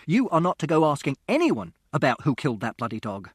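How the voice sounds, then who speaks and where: A man voicing a stern, short-tempered father who scolds and shouts in an audiobook. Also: medium pitch, animated, normal speed, dry recording, clean studio sound, lightly acted. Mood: furious.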